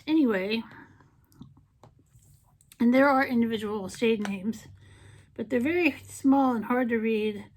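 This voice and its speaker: A middle-aged woman talks through a casual makeup vlog in a slightly high voice. She is chatty and playful and now and then breaks into goofy sing-song bits. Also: unhurried, pauses often, a little mellow. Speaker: beauty vlogger.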